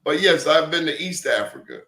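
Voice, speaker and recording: A man's voice: fairly high pitch, expressive, normal speed, sharp tone. A man in casual conversation, telling stories emphatically with blunt slang. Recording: roomy echo.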